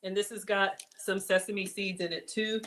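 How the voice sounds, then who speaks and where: A woman's voice: mid-range voice, normal speed, slight background noise. Bubbly woman hosting a cooking demo. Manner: bubbly, excitable, chatty, addresses viewers as y'all. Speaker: cooking show host. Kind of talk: casual cooking demonstration.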